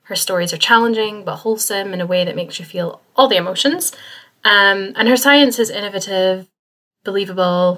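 A woman writer reads out a short piece she has prepared. She delivers it in a measured, earnest way. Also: mid-range voice, a bit bright. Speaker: writer, guest contributor.

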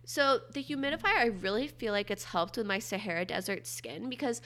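A woman's voice: on the high side, fairly quick, a bit bright. A young woman with a nasal voice hosting a casual solo podcast, chatting with wry, upbeat asides. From Florida. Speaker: podcast host.

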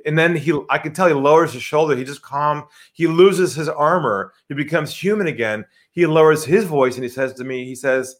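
A man's voice: a little high, a little fast, few pauses. A man, a sales trainer, answering interview questions by telling vivid stories and acting out phone calls. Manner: animated storyteller, acts out phone calls.

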